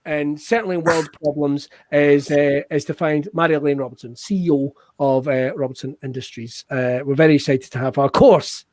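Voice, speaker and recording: A man hosting a live online improv show, excitable and quick to laugh, swearing freely as he talks to viewers. He is recorded close on a video-call mic with a dry sound and no room. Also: a little high, dry recording. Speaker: host.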